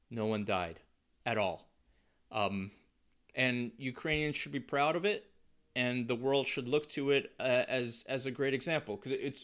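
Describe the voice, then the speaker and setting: A man's voice: medium pitch, a bit bright. An American man giving casual spoken commentary to camera, talking loosely with emphatic repeats. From United States. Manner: conversational, frequent fillers and restarts, emphatic repetition. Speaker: political commentary vlogger.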